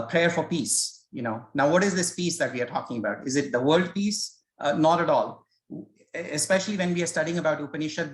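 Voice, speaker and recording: A fairly high-pitched man leads a scripture study session he recorded himself, speaking in a hesitant, conversational way and explaining through stories, like an informal spoken lecture. The recording sounds roomy and is of low quality.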